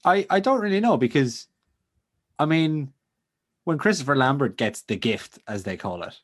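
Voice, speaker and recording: A man's voice: mid-range voice, sing-song, normal speed. A man co-hosting a casual film podcast, enthusiastic, full of "like" fillers, often trailing off mid-sentence. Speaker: podcast co-host.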